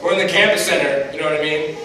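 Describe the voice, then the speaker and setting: Animated young stand-up comic, echoey hall. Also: male voice, on the high side, racing. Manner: animated, chatty, addresses the crowd. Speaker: stand-up comedian. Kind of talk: stand-up set. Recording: echoey hall from a distant mic.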